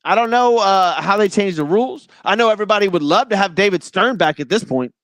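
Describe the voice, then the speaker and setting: A man's voice: sits high, fairly quick, fairly bright tone, no room sound, clean studio sound. A man hosting a sports talk show, giving a casual, opinionated monologue in a blunt and exasperated way.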